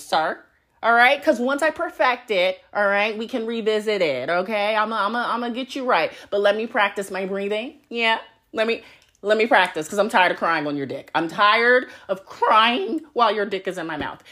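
A woman's voice: medium pitch, moderate pace. A woman hosting a casual podcast monologue, blunt and profane, laughing often as she talks. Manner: animated, swooping delivery. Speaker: podcast host.

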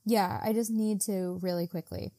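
A woman hosts a relaxed book-club podcast with a mellow, warm tone. She recaps scenes by slipping into playful voices for the characters. The sound is close and dry. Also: mid-range voice, moderate pace, no echo. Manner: retells scenes in mock voices, swears freely. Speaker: podcast co-host. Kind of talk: casual book-club chat.

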